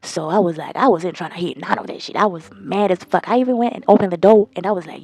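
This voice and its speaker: A young woman telling a storytime to her viewers in a blunt, profane, animated gossiping way. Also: on the low side, quick pace, creaky, few pauses, breathy edge. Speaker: storytime vlogger. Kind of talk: casual storytime chat.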